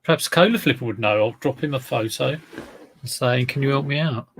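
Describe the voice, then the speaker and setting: A man's voice: mid-range voice, moderate pace, slight background noise. A man hosting a casual reseller livestream, chatting to viewers in a rambling way while he handles and lists items.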